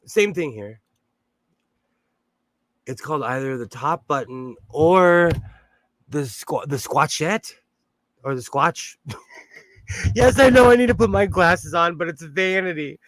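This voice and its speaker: A man's voice: fairly high pitch, expressive, slow, pauses often, a bit bright, no room sound. Chatty man hosting a sewing livestream. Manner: chatty and rambling, laughs often. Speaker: livestream host. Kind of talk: casual livestream chat while sewing. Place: home sewing room.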